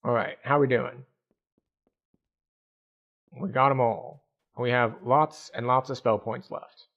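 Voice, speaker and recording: A man streaming a video game, giving relaxed, casual commentary and thinking aloud as he plays. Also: mid-range voice, slow pace, dull audio.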